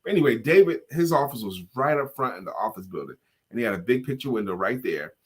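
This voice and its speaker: A man's voice: mid-range voice, animated, fast talker, breathy edge. A man co-hosting a casual morning show, chatting and breaking into short sung jingles for viewers. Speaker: co-host.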